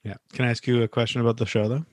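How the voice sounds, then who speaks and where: A man's voice: medium pitch, level tone, racing, darkish tone, dry recording, clean studio sound. A man hosting a casual chat as an improviser, talking in an eager, rambling way and laughing often. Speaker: podcast host, improviser.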